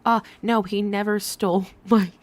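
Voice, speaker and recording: A woman's voice: medium pitch, fairly even intonation, moderate pace, lightly acted. A woman putting on a mocking voice of a lovestruck woman gushing about her boyfriend.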